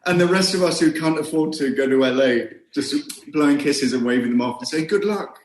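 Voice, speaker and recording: A man's voice: medium pitch, fairly even intonation, brisk. Wry British man in a roomy room. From Britain. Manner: wry, self-deprecating. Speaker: guest actor. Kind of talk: casual podcast chat. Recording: roomy echo.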